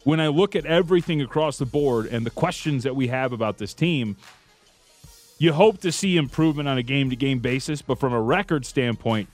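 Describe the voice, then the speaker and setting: A man's voice: medium pitch, brisk, faint music behind. A man co-hosting a sports radio show, laughing easily and talking in long run-on thoughts. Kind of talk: casual sports talk.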